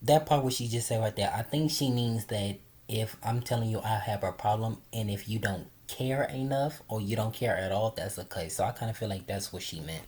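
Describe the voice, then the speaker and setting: A woman co-hosting a casual chat, blunt and quick to laugh. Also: rumbling low, darkish tone.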